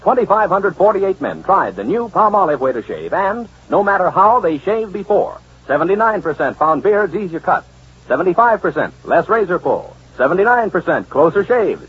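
A man's voice: high voice, sing-song, moderate pace, husky. A man announcing a commercial in an emphatic, salesy way. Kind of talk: radio ad read. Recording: dull old radio broadcast.

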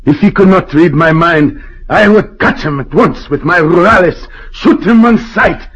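Commanding ex-rebel governor, husky, impatient, lo-fi vintage radio. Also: male voice, sits high, animated, unhurried, fairly bright tone, exaggerated voice. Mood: grim. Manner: brusque and impatient, dropping French phrases. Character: commanding male island governor, former rebel leader. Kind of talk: old-time radio drama. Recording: dull lo-fi old radio recording.

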